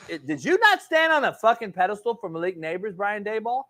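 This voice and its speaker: A man's voice: sits high, sing-song, brisk, pushed and bright. A man hosting a sports talk show, ranting profanely and calling people homie. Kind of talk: heated sports debate.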